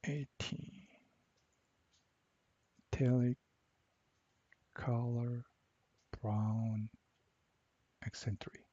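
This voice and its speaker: A man walking through a software assignment step by step, repeating each instruction slowly. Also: medium pitch, fairly even intonation, slightly rough, no room sound, muffled recording. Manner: slow, step-by-step, repeats cell names. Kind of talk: screen-recorded software tutorial.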